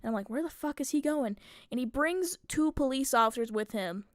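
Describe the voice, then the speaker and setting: Young woman streamer, high-ish voice, chatty and foul-mouthed, lots of filler words. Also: lively intonation, fairly quick, no echo, studio quality. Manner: rambling, profane, many filler likes. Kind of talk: casual storytelling.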